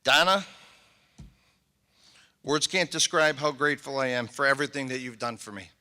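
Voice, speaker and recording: The mayor, a middle-aged man, has a medium-pitched voice that sounds pushed and bright at a moderate pace. His inauguration speech in a large, echoey convention hall is heartfelt and emotional as he thanks people one at a time.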